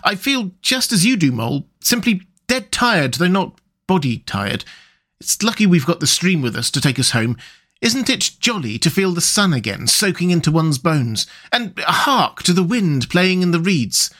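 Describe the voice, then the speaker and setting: A man voicing a gentle, dreamy male water rat from a storybook, speaking softly and wistfully. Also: high voice, sing-song, normal speed, pitched above the performer's own voice, exaggerated voice. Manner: soft, wistful, languid.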